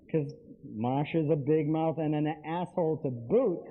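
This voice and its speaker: A man addresses a live audience in a lecture, emphatic and direct, repeating phrases as he goes. He speaks at a measured pace in a slightly high voice, and the recording is tinny and lo-fi.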